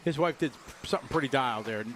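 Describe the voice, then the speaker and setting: This man from Wisconsin delivers live race commentary at a fast clip, his mid-range voice a bit bright. He's chatty and upbeat, greeting viewers and joking with chat and his co-host. There's a little hiss or hum in the recording.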